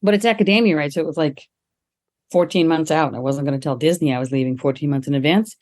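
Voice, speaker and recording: A middle-aged woman, a guest on an interview podcast, telling lively stories and laughing often as she talks. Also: quick pace. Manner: lively, acts out quoted people with jumps in pitch. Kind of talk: casual interview storytelling.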